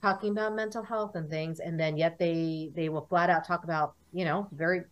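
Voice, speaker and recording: An American woman in her 40s with a lowish voice speaks a little fast as a guest in a casual interview. An animated storyteller, she recounts events and acts out what people said to her.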